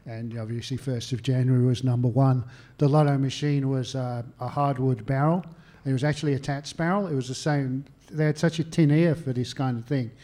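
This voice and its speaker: Australian male historian, mellow tone, chatty anecdotal interviewee who acts out his phone calls. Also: mid-range voice, steady tone, brisk. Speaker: historian and author. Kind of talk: conversational interview answers. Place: stage talk at a literary venue.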